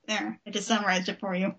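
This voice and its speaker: A woman's voice: a little high, a bit bright, slightly rough, dull audio. A woman co-hosting a podcast, chatting casually through a recap and laughing often. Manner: giggly, playful, laughs often. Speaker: podcast co-host.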